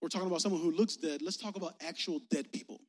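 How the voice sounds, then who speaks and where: A man preaching a lively, joking youth sermon in slangy talk, acting out little voices as he tells stories. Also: a little high, racing. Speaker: youth pastor. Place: church sanctuary. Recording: long reverb of a church sanctuary.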